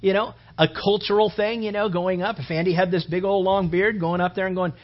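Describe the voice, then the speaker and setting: A man's voice: high voice, fairly even intonation, a little fast. A man preaching a conversational sermon, rambling casually and peppering his talk with "you know" and "man". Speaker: pastor. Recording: dull lo-fi recording.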